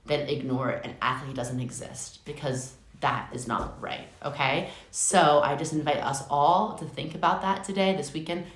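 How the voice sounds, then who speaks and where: A young adult woman giving a casual live tarot reading, chatty and excitable, swearing often. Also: low voice, moderate pace, hardly any pauses. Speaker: tarot reader. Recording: echoey room with faint noise.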